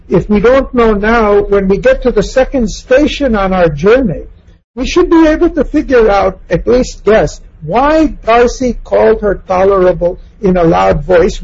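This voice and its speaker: A man's voice: sits high, animated, moderate pace, gravelly, darkish tone, husky, highs cut off. A man giving a reflective lecture on a novel, asking questions and acting out quoted lines in passing.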